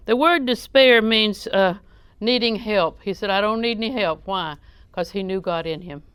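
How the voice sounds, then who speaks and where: A woman delivers a sermon in a chatty, teasing way, firing questions at her listeners. Her voice is smooth and clear, neither high nor low. The sound is close and dry, with no room echo. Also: measured pace, fairly bright tone. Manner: conversational and joking, questions the audience. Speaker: preacher.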